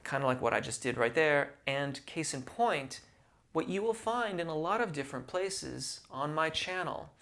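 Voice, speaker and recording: A man teaching singing, explaining vocal technique in a measured, patient way and using technical singing terms. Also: on the high side, fairly bright tone.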